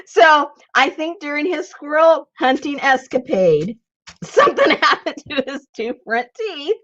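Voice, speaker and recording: A chatty woman tells a story in a casual craft vlog, laughing often. Her pitch swings up and down a lot. The sound is a bit dull and lo-fi. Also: lively intonation, a little slow, a bit bright, no room sound. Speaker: craft vlogger. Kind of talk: casual chat while crafting.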